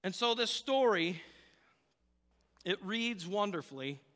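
A man gives a sermon in a bright, fairly high voice, telling the story casually with lots of fillers and restarts. His words ring out with a long reverb, as if from the front of a church hall. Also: lively intonation, takes it slowly. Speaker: pastor.

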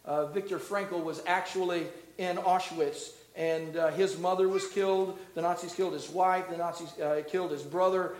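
A middle-aged man preaching a sermon as a pastor, asking the congregation questions, building to loud emphatic peaks and dropping low and soft. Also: steady tone, normal speed, few pauses, echoey room, poor audio. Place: church.

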